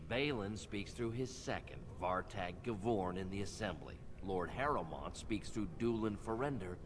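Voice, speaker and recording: An actor giving voice to a snarky dwarf commoner in a video game, very low and gravelly-toned, curt and dismissive. His lines sit over clear background noise from the game audio. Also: expressive, moderate pace, close to an everyday voice. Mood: sour. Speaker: game character.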